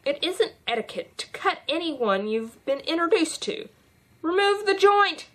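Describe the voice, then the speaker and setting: A woman doing a bossy, shrill queen. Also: animated, normal speed. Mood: commanding. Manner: shouts sharp commands. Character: imperious bossy queen, shrill when commanding. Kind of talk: audiobook reading.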